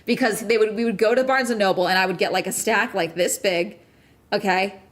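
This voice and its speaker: A woman's voice: medium pitch, fairly quick. Woman chatting and swearing freely. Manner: chatty, profane, ranting. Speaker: streamer host. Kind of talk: casual chat.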